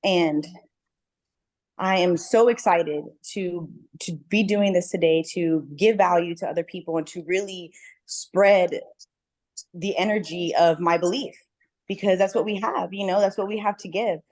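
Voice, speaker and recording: A woman's voice: fairly low pitch, measured pace, darkish tone. A woman on a group call, speaking earnestly and emphatically, repeating words for stress. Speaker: book club member about to host an event. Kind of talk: casual call sharing. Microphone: video call.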